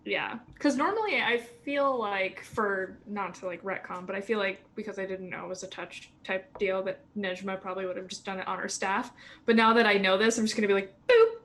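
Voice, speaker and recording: A woman's voice: mid-range voice, a little fast, a bit bright, a little hiss or hum. A woman playing a tabletop game, chatting playfully and casually. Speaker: player.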